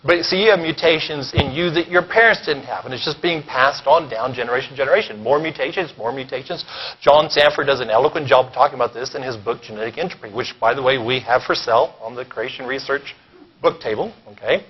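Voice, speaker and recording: A man giving a keynote lecture at a conference, animated and sarcastic, often pausing to check in with the audience. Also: medium pitch, slightly rough. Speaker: keynote speaker. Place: conference hall. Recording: dull lo-fi recording.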